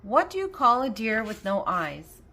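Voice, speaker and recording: Reading riddles from a children's joke book and then answering them, this older woman laughs at her own jokes. She sounds on the high side, sing-song and bright, with a forceful tone and an unhurried pace.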